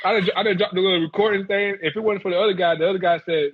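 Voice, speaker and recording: A man telling a story casually, animated and laughing, acting out the people in it. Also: high-pitched, racing, hardly any pauses, husky, dull audio. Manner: animated, laughs, acts out quotes. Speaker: guest, former football player.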